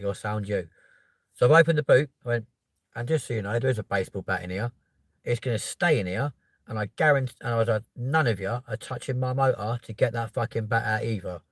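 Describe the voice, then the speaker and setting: A podcast host in his thirties with a London accent tells a long story in casual talk, swearing freely and tacking "right?" onto his lines. His medium-pitched voice is animated and jumps up when he quotes himself, recorded in a clean studio with no room sound.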